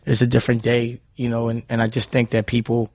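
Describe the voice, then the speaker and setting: New guy ranting quick, keeps saying you know what i'm saying, dry mic. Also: medium pitch, completely flat delivery, dry recording. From Harlem, New York. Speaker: guest. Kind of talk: casual interview storytelling.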